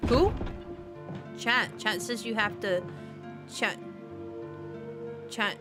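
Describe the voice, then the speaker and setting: Music plays in the background as a woman streams a horror game, speaking very slowly in a medium pitch. She's playful and chatty, addressing her chat and giggling a lot.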